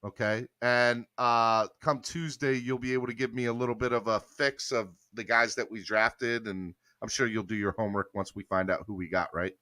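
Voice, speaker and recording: Animated man hosting a sports podcast. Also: mid-range voice, moderate pace, few pauses, no echo. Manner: animated, rambling with restarts. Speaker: podcast host. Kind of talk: casual sports chat.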